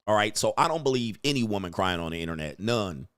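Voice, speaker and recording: A man's voice: on the low side, fast, fairly bright tone, no room sound, studio quality. A man hosting a reaction commentary, talking bluntly and emphatically with a lot of profanity. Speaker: commentary host and coach.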